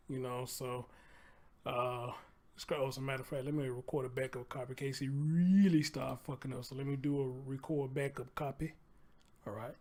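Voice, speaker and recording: A man hosting a casual livestream, chatty and loose, swearing freely and repeating phrases as he talks to viewers. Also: mid-range voice. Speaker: livestream host.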